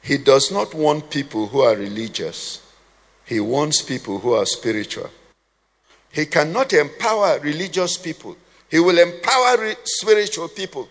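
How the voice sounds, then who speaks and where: Speaking at a normal pace in an animated, higher-leaning voice, this man delivers a sermon full of jokes and questions for his congregation. His humorous asides echo through a long hall reverb.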